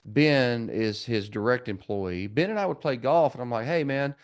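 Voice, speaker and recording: A man's voice: medium pitch, normal speed. A man in his forties, a trades business coach, telling stories in a podcast interview and acting out the dialogue. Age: 40s. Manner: animated, acts out dialogue in quoted voices.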